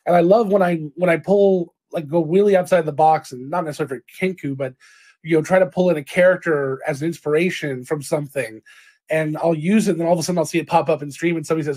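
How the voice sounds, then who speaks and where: A man's voice: on the high side, fast talker, darkish tone, slightly rough. A man co-hosting a casual tabletop gaming stream, rambling and self-deprecating. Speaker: co-host, dungeon master. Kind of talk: casual chat.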